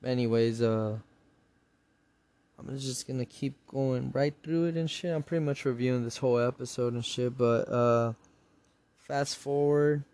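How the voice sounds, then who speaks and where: A man's voice: mid-range voice, warm tone. A man hosting a solo podcast, casually retelling and reviewing a show episode in a rambling, profane way. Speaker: podcast host.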